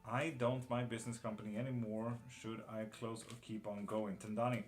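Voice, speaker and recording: Guy doing a live tarot stream, lowish voice, blunt and casual, faint music behind. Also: flat delivery, normal speed. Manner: casual and blunt, swears, greets viewers by name.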